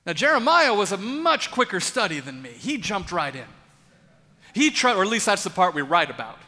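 A man preaching in a large church with a high, bright voice. He speaks earnestly and intimately, leaving dramatic pauses. A long reverb trails after his words. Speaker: pastor. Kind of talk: sermon.

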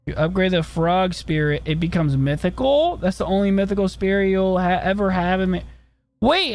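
A young man giving profane, excitable commentary while playing a video game, with game music behind him. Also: high voice, normal speed. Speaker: gaming streamer. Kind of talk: let's play commentary.

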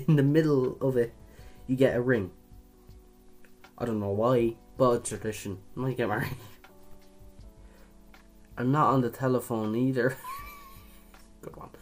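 A man's voice: mid-range voice, measured pace, long pauses, soft background music. A young man from Ireland doing casual quiz commentary, chatty, swearing casually and laughing at his own jokes. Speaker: video creator.

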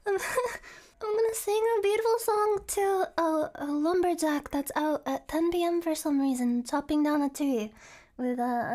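A woman's voice: sits high, a little mellow. A young woman streaming from her apartment by an open window, flustered, giggling and swearing as she chats. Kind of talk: casual livestream chat. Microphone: headset mic.

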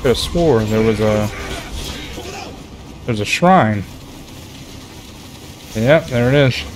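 A man streaming a video game, reacting loudly, swearing in frustration and chatting with his viewers. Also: mid-range voice, expressive, slow. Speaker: gaming streamer. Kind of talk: live gameplay commentary reading chat.

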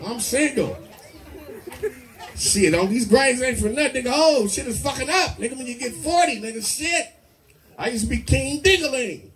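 A man doing a crude, rowdy stand-up set full of loud character bits. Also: very high voice, animated, normal speed. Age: 40s. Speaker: stand-up comedian. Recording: live club mic, distant with crowd noise.

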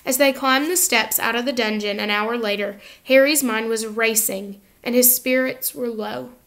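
A woman narrating a children's novel aloud in an expressive, lively reading style. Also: on the high side, moderate pace, gravelly. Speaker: audiobook reader. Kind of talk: storybook narration.

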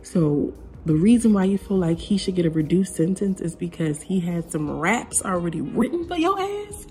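A woman's voice: lowish voice, very animated, normal speed, warm tone, soft background music. Sassy, blunt woman commentator. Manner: sassy and blunt, talks straight to the viewers. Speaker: commentary vlogger. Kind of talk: casual opinion commentary.

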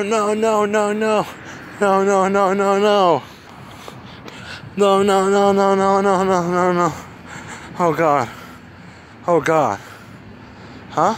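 A man's voice: high-pitched, exaggerated voice. Man playing a rambling, cursing Donald Duck. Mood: panicked. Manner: rambling, swearing, easily startled. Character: Donald Duck, panicky hot-tempered cartoon duck. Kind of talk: amateur fan film. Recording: outdoor traffic noise.

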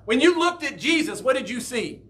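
A man's voice: very high-pitched, big pitch swings, normal speed, fairly bright tone, a little hiss or hum. A man preaching a conversational sermon as pastor in a church, often asking the congregation questions.

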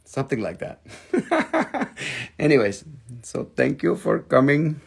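A man rambles playfully through a casual live stream from home, cracking jokes as he goes. His voice sits high and carries a gravelly, husky edge, and he takes his time, speaking slowly. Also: huge pitch swings. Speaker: live-stream host selling stones.

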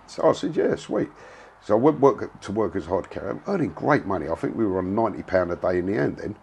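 A man's voice: fairly low pitch, big pitch swings, quick pace, gravelly, a little mellow, a little hiss or hum. A man, telling a story in a blunt, casual way, full of slang and swearing. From England. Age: 60s. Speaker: interviewee.

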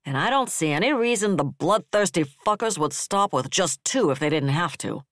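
A man voicing a bitter, level-headed male defense director who speaks flatly and harshly. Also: a little high, moderate pace, dry recording, studio quality.

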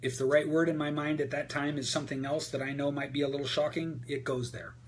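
A man coaching an audience on a group call, answering their questions about voice and speaking in a candid, energetic way with frequent fillers. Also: fairly high pitch, fast, a little hiss or hum. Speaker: voice and presentation coach. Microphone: video call.

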